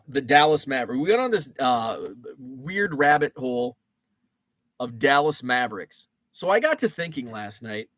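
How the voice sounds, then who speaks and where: A man's voice: fairly high pitch, fairly bright tone, no echo. A man in his forties hosting a casual rambling monologue, thinking aloud with fillers and restarts. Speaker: show host. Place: home basement.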